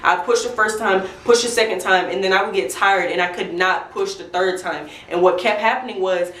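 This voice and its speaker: Young woman doing a chatty storytime vlog, talks right to viewers, mid pitch, a bit far from the mic. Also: moderate pace, a bit bright. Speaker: vlogger. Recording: roomy echo, mic at a distance.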